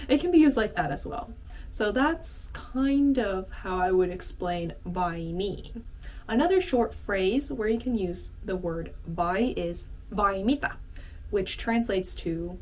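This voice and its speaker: Chatty woman teaching a language lesson. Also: unhurried. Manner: chatty, many fillers like "kind of" and "like"; acts out short example lines with lively pitch jumps. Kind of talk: casual explanatory lesson.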